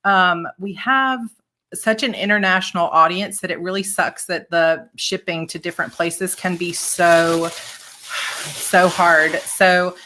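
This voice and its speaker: A woman hosts a relaxed live chat, her voice sitting a little low for a woman. She gushes warmly, laughs and tears up as she talks, with thanks spilling out between breaths. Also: slow. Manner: gushing, emotional, laughs and tears up often. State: tearful. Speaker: author and channel host. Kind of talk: casual live chat, opening fan mail.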